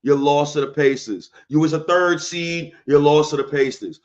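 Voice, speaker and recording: A man's voice: a little high, normal speed, hardly any pauses. A man hosting a solo sports podcast, talking in a heated, slangy and emphatic rant.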